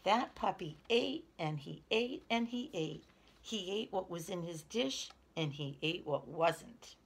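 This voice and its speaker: A woman reading a children's picture book aloud in a lively, expressive way. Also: on the low side, slow pace, gravelly, a little hiss or hum. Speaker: storyteller.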